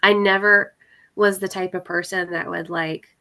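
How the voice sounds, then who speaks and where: Young woman chatting on a call, bright voice, bit of vocal fry, lots of "like" and laughs. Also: lowish voice, fairly even intonation, moderate pace. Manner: chatty, many fillers and laughs. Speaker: readathon participant. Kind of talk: casual video-call chat.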